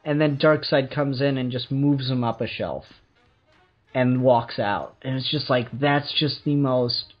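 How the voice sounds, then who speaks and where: A man's voice: mid-range voice, measured pace. A man co-hosting a casual comic book talk, rambling and hesitant with many ums, but enthusiastic. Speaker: podcast co-host. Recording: dull lo-fi recording with faint music.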